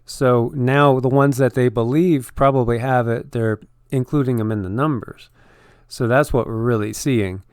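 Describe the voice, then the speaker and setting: Man, casual news commentary, rambling with fillers, smooth clear voice, dry close sound. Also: mid-range voice, fairly even intonation, moderate pace, darkish tone, dry recording. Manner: rambling, filled with "you know" and restarts. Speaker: channel co-host commenting on news.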